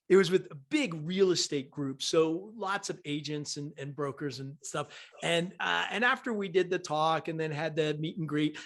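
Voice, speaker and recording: A man hosting a podcast, telling a story in an animated, conversational way and often checking in with "right?". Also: a little high. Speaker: podcast host.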